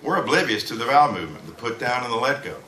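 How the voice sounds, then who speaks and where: A man teaching a trombone masterclass to students, talking in an animated way and singing rhythms aloud. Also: medium pitch, rapid-fire, faint music behind. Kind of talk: lecture to students. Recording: echoey room.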